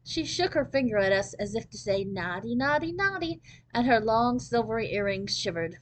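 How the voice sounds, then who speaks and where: A woman's voice: medium pitch, fairly quick, rough recording. Woman reading a children's novel aloud. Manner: steady, expressive first-person narration. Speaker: storybook reader.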